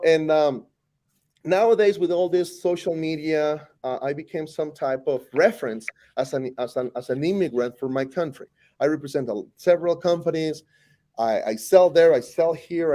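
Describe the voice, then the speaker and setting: A Costa Rican man in his forties, a native Spanish speaker who works as a teacher, talks in a casual interview with a Costa Rican Spanish accent. His voice sits on the high side, and he's animated, joking around and frequently restarting his sentences.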